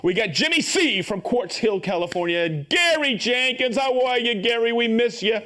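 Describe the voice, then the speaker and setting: A man's voice: very high voice, lively intonation, normal speed, bright, forceful tone. A man hosting a live stream, upbeat and joking as he reads out viewers' names and hometowns and stumbles over some of them. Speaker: host of a live tool show.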